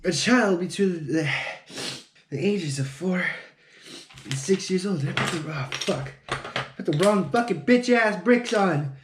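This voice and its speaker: A man with a high voice vlogs alone while building, talking to camera, mumbling to himself, and mocking himself with plenty of swearing. There's background noise, and the room is echoey.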